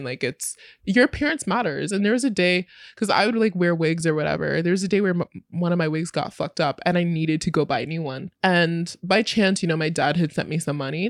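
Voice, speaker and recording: A woman's voice: fairly low pitch, no room sound, studio quality. A young woman frankly telling her own story in casual, candid speech, full of fillers and swearing.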